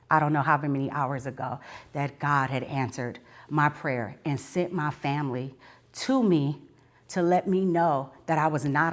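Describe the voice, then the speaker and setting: Low-voiced woman giving earnest testimony. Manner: earnest, addresses the audience directly; swells into fervent preaching. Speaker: speaker sharing her testimony. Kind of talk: live personal testimony to an audience. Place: book signing event, live audience.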